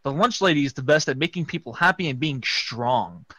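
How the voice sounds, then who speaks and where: A man reading a fan story aloud for laughs, jumping into loud voices for the characters. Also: fairly high pitch, lively intonation, a little fast, no room sound. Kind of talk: comedic dramatic reading.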